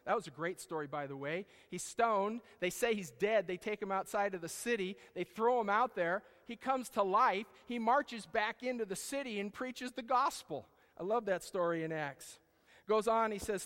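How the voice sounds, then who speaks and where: High-voiced man preaching in a hall. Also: normal speed. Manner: animated preaching, swings between loud outbursts and hushed intensity. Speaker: pastor. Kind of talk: sermon. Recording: long reverb in a large hall.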